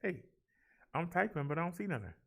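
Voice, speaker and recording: Gravelly man calling numbers to viewers. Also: a little high, very animated, fairly quick, fairly bright tone. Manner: theatrical, rolls his R's, talks to viewers as y'all. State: out of breath. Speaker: vlog host. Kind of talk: casual chat and daily numbers rundown.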